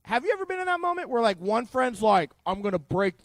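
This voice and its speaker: A youth pastor with an extremely high voice talks fast, with no echo, as he teaches a middle school youth group. He retells a Bible story in an animated, conversational style and asks the kids questions.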